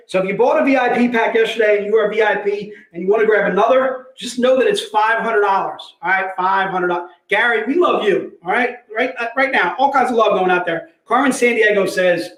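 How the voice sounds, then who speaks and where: Energetic male livestream host, high-pitched, jokey patter, roomy echo. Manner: energetic, joking, repeats "all right". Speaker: livestream host selling comic packs. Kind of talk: casual sales livestream chat. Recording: echoey room.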